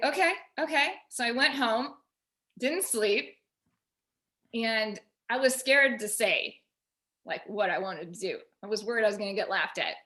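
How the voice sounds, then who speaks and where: A woman on a video call at home, telling a personal story in an animated way and quoting herself and others. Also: a little high. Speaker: featured artist guest. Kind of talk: casual video call discussion.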